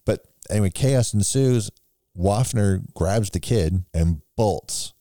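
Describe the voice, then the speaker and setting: Deep, mellow-voiced man recapping a film. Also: slow, no echo, studio quality. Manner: rambling retelling with acted-out quotes. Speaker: podcast co-host recapping a film. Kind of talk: casual film recap chat.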